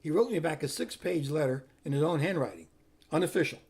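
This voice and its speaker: A man's voice: on the high side, fast talker, a little mellow, slightly rough. An older man, once a priest, telling his life story plainly in an interview and acting out other people's words. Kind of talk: personal storytelling.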